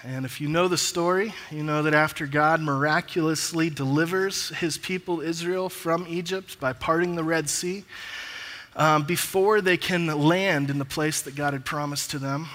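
A man preaching a sermon as pastor and reading scripture aloud with pauses. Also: on the high side, sharp tone. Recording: long reverb of a large hall.

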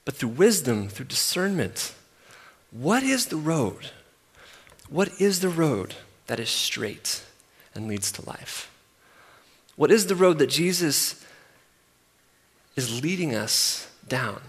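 A man in his thirties preaching a sermon, emphatic and repetitive, swinging from loud to soft. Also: fairly high pitch, big pitch swings, slow pace, husky. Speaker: pastor. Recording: long hall reverb.

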